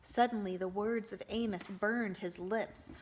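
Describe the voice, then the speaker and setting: A woman reading a novel aloud as an audiobook, with expressive narration. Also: mid-range voice, unhurried, slight background noise. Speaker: audiobook reader for a homeschool group.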